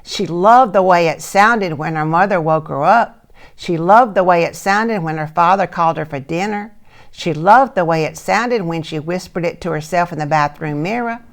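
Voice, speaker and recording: An older woman, a retired teacher, reading a picture book aloud to children and asking them gentle questions. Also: lowish voice, moderate pace. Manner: gentle, asks listeners soft questions.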